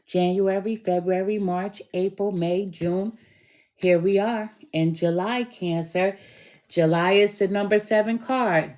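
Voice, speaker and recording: A middle-aged woman reads tarot cards at an unhurried, drawn-out pace. Her voice is hoarse with a lingering chest cold, and she leans into each word with emphatic encouragement. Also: mid-range voice, a little mellow. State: hoarse from bronchitis, coughing. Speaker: tarot reader. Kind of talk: tarot reading.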